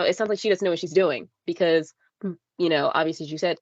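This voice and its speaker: A young woman with a low voice co-hosts a podcast in loose, casual chat. She leans on fillers and slips into playful impressions of other voices. The recording is dry and a little dull. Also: brisk, darkish tone, no room sound. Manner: chatty, many fillers, mimics voices playfully. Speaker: podcast co-host. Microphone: podcast mic.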